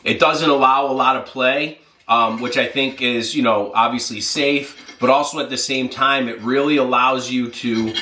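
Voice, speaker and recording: A man's voice: mid-range voice, fairly even intonation, normal speed, pushed and bright, slight background noise. Man, fitness vlog host, casual, rambling, mouth full, roomy echo. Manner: rambling, filler-heavy, talks with mouth full. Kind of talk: casual vlog chat while eating.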